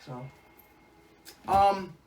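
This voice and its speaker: A young man co-hosting a podcast, telling stories in a crude, laughing, animated way. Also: high voice, very slow. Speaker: podcast co-host. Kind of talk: casual chat, storytelling. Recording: echoey room, distant mic, faint music.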